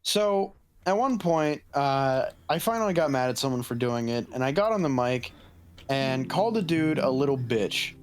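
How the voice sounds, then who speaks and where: Young male podcast co-host, lively pitch, foul-mouthed storyteller. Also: moderate pace. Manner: profane, animated storytelling. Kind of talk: casual gaming podcast chat.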